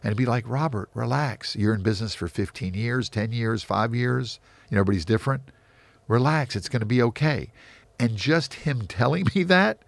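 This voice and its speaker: A low-pitched man with a gravelly, fry-laden voice gives motivational business advice. He is emphatic and keeps repeating his key phrases. The sound is dry and close. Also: no echo. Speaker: real estate investor and mentor. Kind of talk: interview answers.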